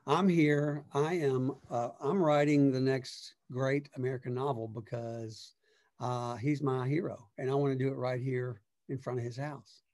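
A man's voice: mid-range voice, steady tone, measured pace, darkish tone, natural voice. A man voicing a laid-back male drifter in his seventies who drinks and dreams of writing a novel, with an easygoing, friendly drawl. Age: 70s.

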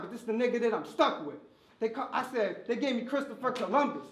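A man's voice: extremely high pitch, animated, quick pace, reverberant, a little hiss or hum. A man battle rapping a cappella, delivering taunting punchlines at an opponent at a live event. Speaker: battle rapper.

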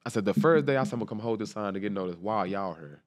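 Here a man in his twenties who plays football speaks very fast in a lowish voice, captured with clean studio sound and no echo. His casual interview is an earnest, animated retelling of an emotional story in which he performs all the characters' lines.

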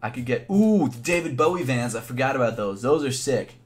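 A young man chatting casually on a live stream, thinking out loud in a laid-back way with plenty of fillers. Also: mid-range voice, lively intonation, fairly quick. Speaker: sneaker YouTuber live streaming.

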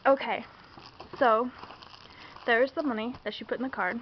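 A woman's voice: a little high, steady tone, moderate pace. A young woman chatting casually through an unboxing, gushing and giggling. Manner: bubbly and gushing, squeals and giggles often. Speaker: vlogger. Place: home room indoors. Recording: dull lo-fi home camera audio, faint hiss.

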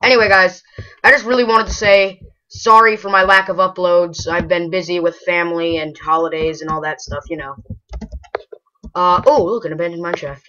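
Excitable gushing woman gamer, bright voice. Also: lowish voice, moderate pace. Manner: excitable, gushing and rambling, bursts into loud exclamations. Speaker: gaming channel host. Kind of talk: casual gameplay commentary. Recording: dull lo-fi home recording.

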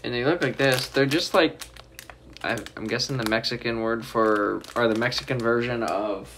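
A man's voice: medium pitch, moderate pace, a little hiss or hum. Rambling young man vlogging at home. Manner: relaxed, rambling, teasing. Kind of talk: casual vlog chat. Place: student apartment at home.

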